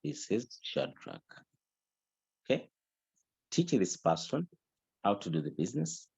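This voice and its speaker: Man, middle-aged, coaching a team; emphatic and repetitive, low husky voice, dull dry sound. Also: a little mellow, no echo. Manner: emphatic, repetitive, mixes in local language. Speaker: business trainer. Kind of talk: motivational training talk.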